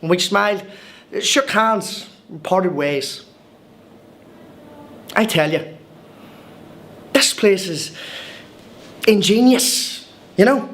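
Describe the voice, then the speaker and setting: In a scripted comic film monologue, an actor with an Irish accent plays a cheerful, wide-eyed newcomer telling his story in a chatty, wry way with hesitant restarts. His voice sits high and a bit bright, very expressive and very slow, with long pauses and a full character delivery.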